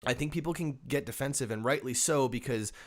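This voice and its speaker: Thoughtful man, halting restarts. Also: medium pitch. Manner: thoughtful, many restarts and repeated words. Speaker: podcast host. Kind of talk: casual conversation.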